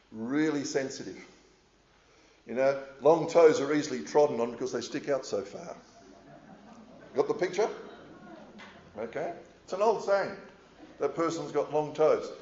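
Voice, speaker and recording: A middle-aged man preaching a sermon in a measured, earnest way, with frequent hesitations as he speaks to a congregation. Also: medium pitch, lively intonation, darkish tone. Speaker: pastor. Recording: echoey, slightly dull room sound.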